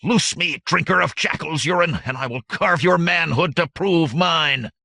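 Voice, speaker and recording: A man's voice: medium pitch, moderate pace, gravelly, pushed and bright, slightly rough, no echo, clean studio sound, pitched above the performer's own voice, heavily acted. A man voicing a howling, raging hill tribesman. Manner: howling, spitting insults. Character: furious hill tribesman, proud and vengeful.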